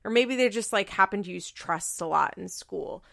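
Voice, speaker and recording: Blunt woman with a gravelly voice. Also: mid-range voice, moderate pace, a bit bright. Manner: blunt, profane, frequent "like" fillers. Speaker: reality TV recap podcaster. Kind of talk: casual commentary.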